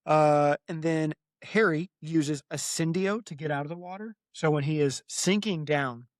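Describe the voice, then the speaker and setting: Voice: mid-range voice, unhurried, no room sound, clean studio sound. Chatty joking podcast co-host. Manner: chatty, joking, plays voices in anecdotes. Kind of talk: casual chat.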